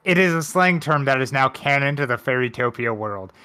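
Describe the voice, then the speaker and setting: A man's voice: mid-range voice, expressive, a little fast, pushed and bright, clean tone. A man hosting a casual podcast, dryly walking through details from his notes. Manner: dry, nerdy, explains details from notes. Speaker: podcast host. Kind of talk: casual chat.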